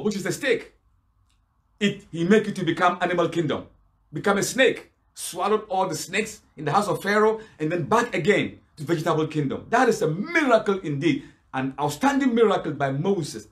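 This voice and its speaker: A man preaching as an Islamic speaker, arguing his case by firing rhetorical questions and answering them himself. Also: sits high. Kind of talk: preaching rebuttal to a lecture crowd.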